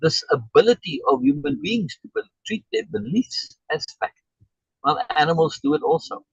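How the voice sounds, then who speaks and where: A male life coach speaks with a gravelly, husky voice and lively, swooping pitch. He stresses his points by repeating words. The sound is a dry, muffled video call. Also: moderate pace, no echo.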